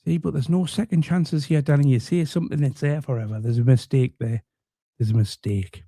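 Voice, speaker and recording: Sarcastic man, mellow voice. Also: mid-range voice, steady tone, fairly quick, no room sound, clean studio sound. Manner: sarcastic, rambling, teasing. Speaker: comedy commentator. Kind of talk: mocking commentary.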